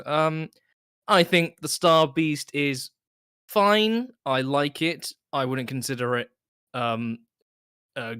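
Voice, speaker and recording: Chatty podcast co-host, dry close sound. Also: male voice, medium pitch, fairly bright tone, dry recording. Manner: quick, chatty, laughs easily. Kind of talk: casual podcast chat.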